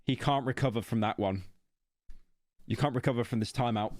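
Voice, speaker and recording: A man's voice: medium pitch, a little fast, long pauses, darkish tone. A man with a British accent live-streaming a horror game, joking and rambling defensively at chat. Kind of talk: casual live-stream commentary.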